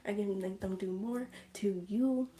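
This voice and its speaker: Creepy commanding aunt with slow, drawn-out threats, a woman doing the voice. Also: dark tone, faint music behind, lightly acted. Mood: menacing. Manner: threatening, commanding, sometimes sing-song high. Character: sinister controlling aunt, older woman, menacing.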